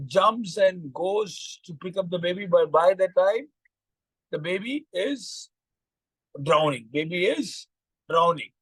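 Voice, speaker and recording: Indian coach telling a moral tale, halting with lots of restarts, high voice, slow pace, dry sound. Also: male voice, breathy edge, no room sound, poor audio. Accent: Indian English. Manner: halting, frequent restarts and fillers. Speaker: life coach. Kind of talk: moral storytelling in a vlog.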